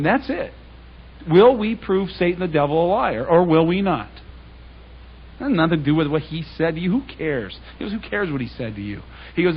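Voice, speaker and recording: A man's voice: a little high, a little hiss or hum. A man giving a public Bible talk, telling stories in a conversational way and acting out the dialogue. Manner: conversational storytelling, quoting others in dialogue. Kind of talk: anecdotal sermon. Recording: dull lo-fi recording.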